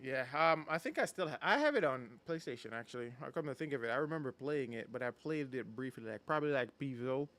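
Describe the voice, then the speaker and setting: A man hosting a podcast, relaxed and chatty in casual talk. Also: mid-range voice, fast, few pauses. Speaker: podcast host. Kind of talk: casual chat.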